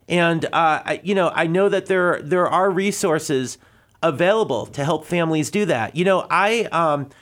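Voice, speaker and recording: A man's voice: a little high, fairly bright tone. A man from Connecticut answering a caller on a live radio show, a little out of breath, earnest and rambling with many restarts. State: slightly out of breath. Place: radio studio.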